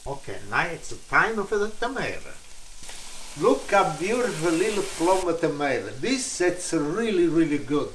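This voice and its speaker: A man's voice: fairly high pitch, sing-song, unhurried, fairly bright tone, echoey room, a little hiss or hum. An older man from Italy with a strong Italian accent, hosting a home cooking lesson in broken English and repeating words with enthusiasm. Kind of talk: casual cooking demonstration. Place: home kitchen.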